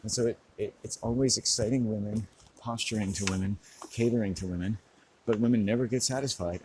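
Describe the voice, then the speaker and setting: Low-voiced man ranting profanely to camera. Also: darkish tone, a little hiss or hum, rough recording. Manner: profane, preaching rant; smoking and drinking on camera. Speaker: vlogger. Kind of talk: monologue to camera.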